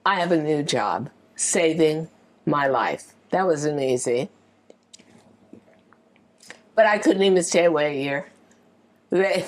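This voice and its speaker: An older American woman telling stories from her career in an interview, animated and acting out the people she quotes. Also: medium pitch. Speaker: interview guest. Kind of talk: storytelling in an interview.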